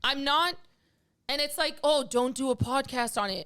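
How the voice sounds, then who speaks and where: A woman's voice: sits high, moderate pace, a bit bright. A middle-aged woman hosting a podcast, talking in an emotional, rambling way full of fillers. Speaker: podcast host. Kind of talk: casual podcast chat.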